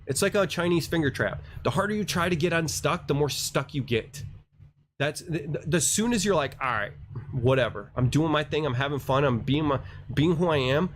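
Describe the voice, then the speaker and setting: A man's voice: fairly high pitch, lively intonation, moderate pace, slight background noise. A man hosting a crypto livestream, ranting casually in a rambling, slangy, self-mocking way.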